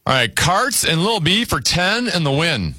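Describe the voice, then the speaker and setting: Bright, lively game show host man. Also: on the high side, no room sound. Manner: brisk, announces scores and clues.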